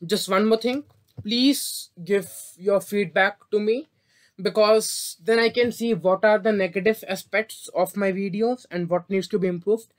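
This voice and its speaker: An English teacher with a high voice and unhurried pace reads a vocabulary lesson from a script. He sometimes trips over words, then corrects himself and apologizes for the slips.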